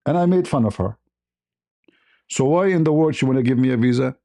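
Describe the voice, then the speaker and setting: Dark-voiced man telling a laughing anecdote. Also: mid-range voice, animated, brisk, gravelly. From Middle East. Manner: chuckles often while telling, broken conversational English. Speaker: channel host. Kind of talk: livestream storytelling.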